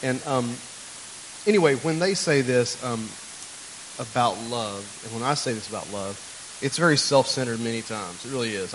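A male pastor delivers a relaxed sermon in a church, chatting with the congregation as if among friends. He jokes and drifts into family anecdotes. His voice sits at an ordinary middle pitch, with a faint hiss in the background. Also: moderate pace. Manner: chatty, joking storyteller who talks to the congregation. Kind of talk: conversational sermon.

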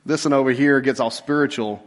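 A middle-aged man, a pastor, telling a funny personal story in a sermon and swinging from loud outbursts to hushed asides. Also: mid-range voice, fairly even intonation, brisk. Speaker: pastor and police chaplain.

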